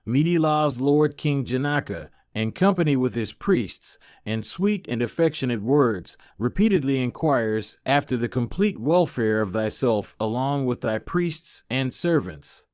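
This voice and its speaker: A man's voice: mid-range voice, lively intonation, unhurried, hardly any pauses, darkish tone, no echo, studio quality, close to an everyday voice. A man voicing humble royal envoys addressing a king formally within an audiobook.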